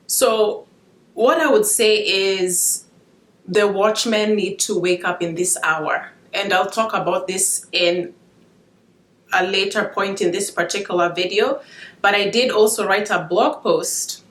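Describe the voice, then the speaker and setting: A woman speaks in a middle-pitched voice, sharing her dreams and reading verses in an informal devotional talk. She sounds emotional, as if holding back tears, and often stops, restarts and apologizes. The room around her is bare and echoey. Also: steady tone, a bit bright. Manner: emotional, halting, with restarts and asides. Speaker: Christian video blogger sharing dreams.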